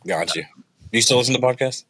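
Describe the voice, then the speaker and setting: A man's voice: medium pitch, lively intonation, fast, bright, forceful tone, slightly rough. A man hosting a podcast in casual chat, with a chatty, playful, promotional manner. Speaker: podcast host.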